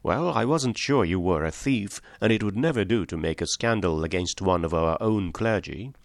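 A man's voice: low voice, lively intonation, normal speed, vocal fry, dry recording. A man voicing a small, mild country priest in an audiobook, speaking simply and apologetically. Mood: calmly firm.

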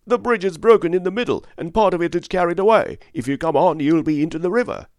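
A man voicing a frantic toll-gate keeper who shouts an urgent warning. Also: on the high side, fast talker, no echo, clean studio sound, pitched above the performer's own voice, natural voice. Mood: alarmed.

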